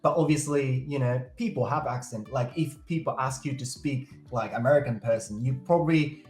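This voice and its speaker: A man's voice: mid-range voice, fairly quick, darkish tone, echoey room, soft background music. A man whose first language is Japanese, with a Japanese accent blended with Australian, hosting a casual video-call chat and searching earnestly for words. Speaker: host.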